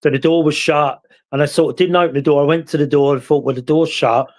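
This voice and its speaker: A man's voice: fairly high pitch, steady tone, fast talker. A man with a British accent, hosting a casual chat and telling stories in a rambling, reflective way. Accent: British English. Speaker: host.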